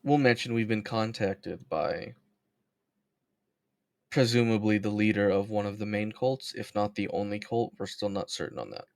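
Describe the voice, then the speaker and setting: A man player in a tabletop game, measured as he plans aloud. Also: fairly low pitch. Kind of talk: casual tabletop game chat.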